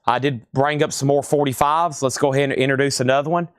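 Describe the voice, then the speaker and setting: A man's voice: medium pitch, steady tone, fast talker, clean tone, no echo, clean studio sound. A man hosting a live online record sale, casually running through record grades and prices. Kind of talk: live online sales stream.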